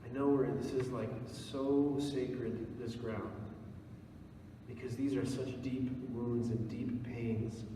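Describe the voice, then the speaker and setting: A man's voice: medium pitch, little pitch movement, dark tone, slight background noise. Man preaching a sermon, earnest repeated questions, heavy hall echo, distant from the mic, faint ambience. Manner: earnest, repetitive rhetorical questions, slows for emphasis. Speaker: priest giving a retreat talk. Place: church. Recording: echoey church hall, speaker far from mic.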